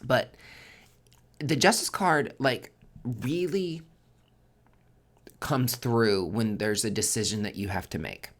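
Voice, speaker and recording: Chatty, expressive male tarot reader. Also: mid-range voice, slow pace, long pauses. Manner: chatty and expressive, swearing freely, swinging between loud emphasis and near-whispers. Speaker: tarot reader and podcast host. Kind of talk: casual tarot forecast monologue.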